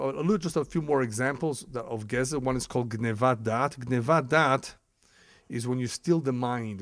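A rabbi lectures on religious ethics, telling lively stories, acting out the people he quotes, chuckling often, and dropping Hebrew terms into his English. His voice is mid-range, and the clean studio recording has no echo.

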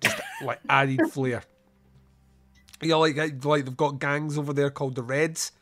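A man hosting a podcast, retelling a film scene by scene in a casual, animated way with quick put-on voices and frequent laughter. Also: on the high side, faint music behind. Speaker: podcast host. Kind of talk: casual film review chat.

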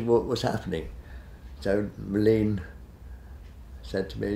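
A man's voice: on the low side, fairly even intonation, moderate pace, vocal fry, darkish tone, reverberant. A man in his eighties, a retired television director, reminiscing in an interview in a rambling, hesitant way, full of fillers and restarts. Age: 80s.

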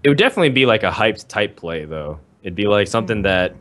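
A man's voice: fairly low pitch, sing-song, quick pace, a bit bright. A man casting a live card-game match, explaining plays at length in an analytical way. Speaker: esports commentator.

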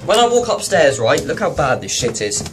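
A man's voice: a little high, fairly quick, soft background music. A man ranting casually in a vlog, swearing constantly and getting worked up. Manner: profane, excitable ranting. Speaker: YouTuber.

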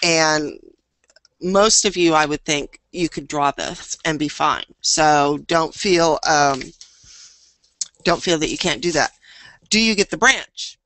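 A woman's voice: low-pitched, slow, a bit bright, dry recording. A woman teaching a live online painting class, chatting and thinking aloud as she paints.

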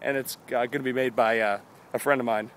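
A man's voice: medium pitch, steady tone, fast, a bit bright. A tired young man in his twenties rambling goofily through a daily vlog outdoors, holding the camera himself. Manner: goofy, rambling, jumps between silly voices and mumbles. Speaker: vlogger.

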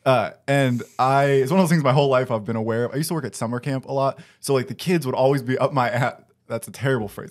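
Quick-talking young male podcast host. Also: medium pitch. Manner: quick-talking, laughs easily, self-deprecating. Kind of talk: casual conversational interview.

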